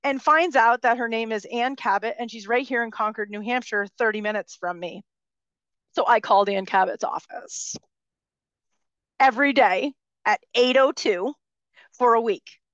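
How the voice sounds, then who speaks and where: A woman's voice: fairly high pitch, normal speed, fairly bright tone, no echo, muffled recording. A woman giving a personal storytelling talk, speaking in a passionate, vocal way. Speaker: speaker at a live talk event.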